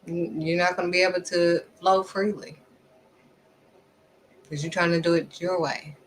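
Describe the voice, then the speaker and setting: A woman giving a casual, faith-driven motivational talk, acting out quick back-and-forth exchanges and repeating pointed questions at the listener. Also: lowish voice, rough recording. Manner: animated, acts out little back-and-forth exchanges. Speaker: faith vlogger.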